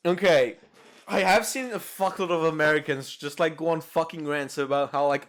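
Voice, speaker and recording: Guy from ireland ranting on a podcast, bit high voice, swears a lot and laughs, yells when worked up. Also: normal speed. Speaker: podcast co-host. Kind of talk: casual comedic rant.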